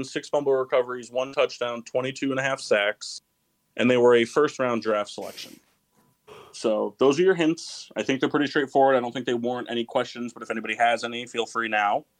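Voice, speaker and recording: A man's voice: mid-range voice, dry recording, poor audio. A man hosting a casual sports podcast, rambling and correcting himself, laughing often. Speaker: podcast host.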